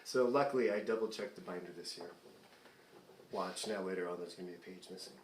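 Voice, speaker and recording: A man's voice: sits low, fast, echoey room. A man in his forties hosting a concert from afar, chatting casually between songs in a self-deprecating way and often laughing. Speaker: singer hosting a fundraising concert. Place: performing remotely, away from the stage.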